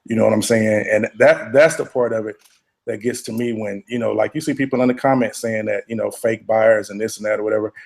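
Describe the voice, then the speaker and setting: Man, podcast co-host, gravelly voice, mid pitch, earnest and measured. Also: fairly even intonation, a little mellow. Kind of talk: casual chat.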